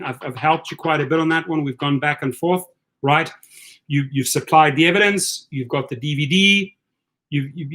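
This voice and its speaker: A middle-aged man with a South African accent and a fairly high voice runs a livestream chat. He coaches his listeners with energy and tends to restart and repeat his words. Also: a bit bright. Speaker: host. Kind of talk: livestream chat giving advice.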